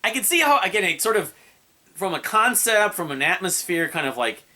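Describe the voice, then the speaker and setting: Bright-voiced man rambling through an album review. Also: sits high, big pitch swings, a little fast. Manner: rambling, hesitant, many fillers and restarts; hums and scats melodies.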